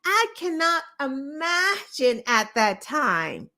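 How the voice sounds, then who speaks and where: A woman's voice: high-pitched, very animated, slow, pushed and bright. A woman hosting a show, giving opinionated political commentary in an impassioned, profane way, firing off rhetorical questions. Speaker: show host.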